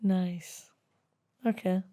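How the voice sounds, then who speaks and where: A woman's voice: lowish voice, steady tone, very slow, warm tone. A woman from northern England hosting a casual chat interview, asking friendly, curious questions. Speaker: host.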